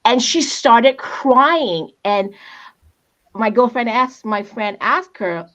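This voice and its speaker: A woman on a panel talking casually, telling a heartfelt story with lively emphasis and a habit of asking "right?". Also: fairly high pitch, slow pace, dull audio. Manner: expressive, storytelling, repeats "right?". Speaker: panel speaker. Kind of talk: conversational panel talk.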